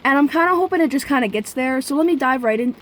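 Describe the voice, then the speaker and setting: An expressive, fast-talking young woman with a high, fairly bright voice tells a story on her casual vlog, rambling and chatting directly to viewers. Sudden profane outbursts pop up every now and then.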